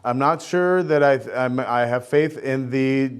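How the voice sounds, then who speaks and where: A man answering as a candidate at a forum, blunt and halting with many pauses and restarts. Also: medium pitch, smooth.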